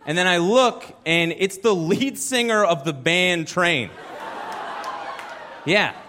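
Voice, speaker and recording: High-voiced guy doing stand-up, self-deprecating rambling story, live club stage. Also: animated, slow pace, noisy background. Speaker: stand-up comedian. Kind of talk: stand-up set.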